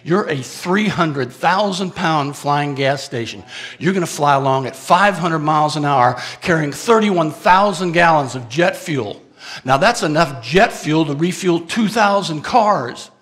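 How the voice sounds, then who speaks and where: A man with a bright, forceful, slightly high voice gives a keynote talk as dramatic storytelling. He speaks straight to the audience with questions and swings from loud urgent bursts to hushed confessions. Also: animated, measured pace, husky, in a large hall. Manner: asks the audience questions directly.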